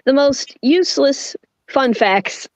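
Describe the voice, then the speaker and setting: A woman in casual chat, chiming in with quick remarks. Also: high voice, expressive, dry recording. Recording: dull dry sound.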